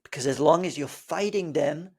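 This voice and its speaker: A man's voice: on the high side, moderate pace, husky. A man giving a motivational spiritual talk, emphatic, asking rhetorical questions and acting out the inner voices he describes. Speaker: spiritual speaker.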